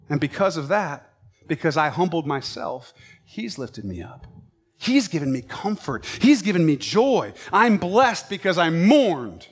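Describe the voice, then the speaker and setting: A man preaching a sermon with passion, swinging between loud, emphatic lines and quiet, low ones. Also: lively intonation, normal speed.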